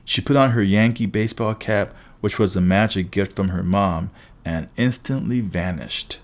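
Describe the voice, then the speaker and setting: A man reading an audiobook aloud with steady, brisk storytelling. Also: on the low side. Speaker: audiobook narrator. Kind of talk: scripted audiobook narration.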